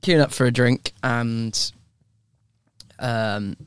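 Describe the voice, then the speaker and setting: A young man with an English accent and a smooth, resonant voice, chatting as a podcast co-host. He tells teasing stories and laughs a lot, recorded dry and close with no room sound. His pitch sits in an ordinary middle range. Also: steady tone, takes it slowly, no room sound. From England. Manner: laughs often while telling anecdotes, chatty and mocking. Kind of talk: casual chat.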